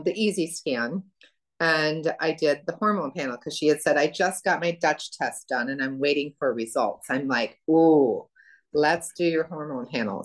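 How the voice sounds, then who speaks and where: A woman telling a client story in casual chat, acting out quotes with laughter. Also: low-pitched. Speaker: practitioner sharing a client story.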